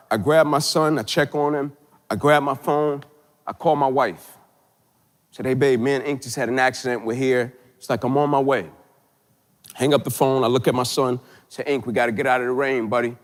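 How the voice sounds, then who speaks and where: A motivational keynote speaker tells a dramatic story, his voice swinging between loud, emphatic peaks and hushed, low passages, with a long reverb tail behind it.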